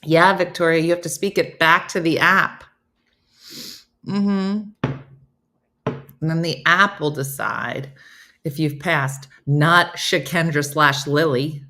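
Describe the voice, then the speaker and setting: Woman, middle-aged, chatty host, bright tone, lowish voice, laughs often. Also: steady tone, takes it slowly, pauses often. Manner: chatty, laughing, reading comments aloud. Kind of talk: casual live-stream chat.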